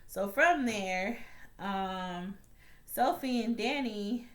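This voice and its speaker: A woman's voice: mid-range voice, drawn-out words. A woman talking through a TV episode recap in a casual, chatty way, blunt and full of swearing, with many fillers and restarts, her voice jumping up when she gets worked up. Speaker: TV recap reviewer.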